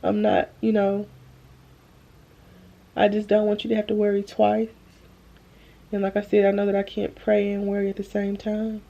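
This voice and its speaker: Young woman vlogger, mellow gravelly voice, drained and holding back tears, phone-recorded at home. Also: mid-range voice, completely flat delivery, dull audio. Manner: earnest, slow and halting, addresses viewers as y'all. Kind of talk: emotional faith-filled vlog talk. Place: at home, bedroom. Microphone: phone camera.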